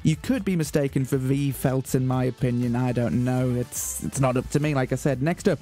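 Male community radio host, deadpan mock-grand delivery, mellow tone, light music bed. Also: medium pitch, normal speed. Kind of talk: radio show presenting. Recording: faint music bed behind.

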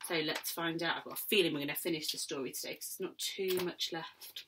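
Female teacher reading aloud to children, expressive with hushed asides. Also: fairly low pitch, moderate pace, slightly rough.

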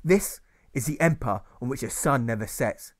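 Man putting on a loud, pompous schoolmaster. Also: mid-range voice, expressive, moderate pace, natural voice. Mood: pompous declaiming. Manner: loud, preachy declaiming. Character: pompous, dim-witted male schoolmaster.

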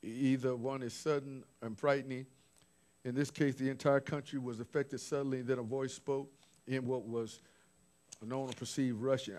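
A man's voice: medium pitch, little pitch movement, normal speed, darkish tone. A man preaching informally, recounting visions from his notes with restarts and asides. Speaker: apostle preaching. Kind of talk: sermon.

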